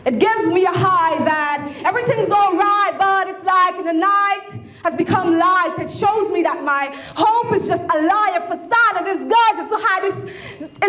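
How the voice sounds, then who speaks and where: A woman performing an impassioned spoken word poem, at times shouting and lilting into a sing-song delivery. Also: very high voice, a little slow. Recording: echoey room with faint ambient noise.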